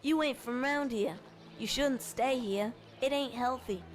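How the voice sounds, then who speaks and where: Casting: wary local woman, high and unhurried. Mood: warning. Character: wary local London woman warning strangers.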